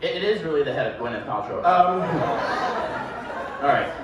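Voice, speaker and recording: At a live show with an audience, a sideshow performer jokes at his own expense while working with a volunteer, rambling at normal speed in a slightly high voice. The muffled recording is taken from a distance, his voice echoing through a very live room over a noisy crowd and a constant hum.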